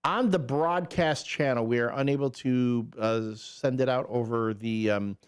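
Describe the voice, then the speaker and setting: A man hosting morning radio, chatting easily into a studio mic. His delivery is loose and conversational, full of little fillers and restarts, and his pitch sits at an ordinary middle height. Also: unhurried, clean tone. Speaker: radio morning show co-host. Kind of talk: casual morning radio chat. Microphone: studio microphone.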